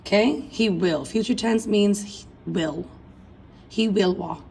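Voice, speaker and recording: A woman's voice: mid-range voice, slow pace, gravelly, a little mellow, slight background noise, poor audio. A woman teaching a recorded class lesson, chanting verb endings aloud and addressing her students as folks. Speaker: Spanish teacher.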